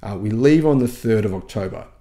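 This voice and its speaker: A man's voice: lowish voice, expressive, a little fast, mellow. A man with an Australian accent, a channel host casually telling earnest, rambling travel stories to his viewers. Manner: earnest, rambling anecdotes with frequent restarts. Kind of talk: casual vlog storytelling.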